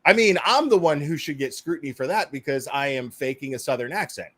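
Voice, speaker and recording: A man's voice: fairly high pitch, expressive, brisk, a bit bright, no echo. A man hosting a casual reaction commentary, swearing freely, laughing and stammering through restarts. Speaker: YouTube commentary host.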